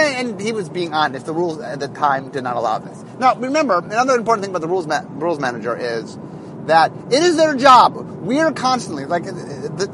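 A man's voice: sits high, background noise. A man, a head designer, talking in a rambling casual monologue with many fillers and restarts, recorded in a car.

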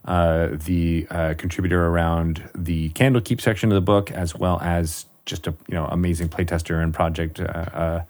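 A man's voice: deep voice, steady tone, normal speed, few pauses, a little mellow. A man hosting a podcast in casual chat, friendly and rambling with many fillers. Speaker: podcast host.

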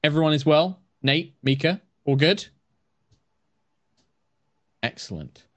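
A man's voice: fairly high pitch, slow, no room sound. A man hosting a tabletop game show as dungeon master, chatting playfully and rambling into tangents. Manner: playful, rambling, lively intonation. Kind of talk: casual show opening chat.

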